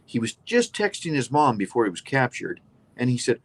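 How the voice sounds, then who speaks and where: A man's voice: medium pitch, very animated, brisk, a bit bright. A man co-hosting a casual political chat show, emphatic and opinionated, rambling with restarts. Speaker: co-host.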